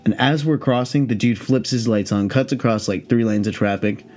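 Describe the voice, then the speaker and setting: A man in his late twenties hosting a podcast, telling a story in a casual, rambling way, profane and animated. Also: medium pitch, moderate pace. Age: late 20s. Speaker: podcast host.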